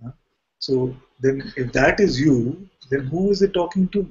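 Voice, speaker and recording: A man's voice: a little high, moderate pace, darkish tone, husky, lo-fi sound. A man, a spiritual teacher, giving a playful, questioning satsang talk with light jokes.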